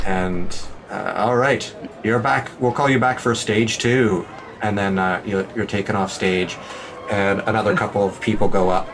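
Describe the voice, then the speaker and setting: A man's voice: on the low side, steady tone. Guy gm narrating a tabletop game, laughs a lot, goofy asides, faint hiss behind. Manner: playful, laughing, quick asides. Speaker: game master.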